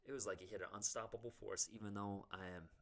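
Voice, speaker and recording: A man's voice: fairly low pitch, fairly even intonation, quick pace, a bit bright. A young man co-hosting a podcast, telling a crude, jokey story in casual chat. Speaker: podcast co-host.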